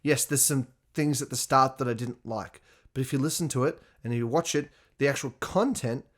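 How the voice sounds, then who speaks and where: A man hosting his own podcast, talking candidly and profanely in a casual solo monologue, laughing often and getting louder when excited. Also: mid-range voice, normal speed. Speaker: podcast host.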